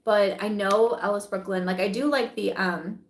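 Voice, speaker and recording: A woman's voice: mid-range voice, fairly even intonation, moderate pace, roomy sound. A woman vlogger reviewing beauty products in casual, chatty talk, giggling often and saying "like" a lot.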